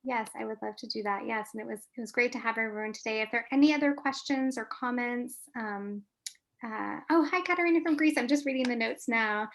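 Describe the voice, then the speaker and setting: A woman with a raised pitch and a gravelly edge speaks as a family therapist in an online webinar. She gives practical advice in a coaching way and asks whether her answers help. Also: a little fast. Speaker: licensed marriage and family therapist, webinar guest.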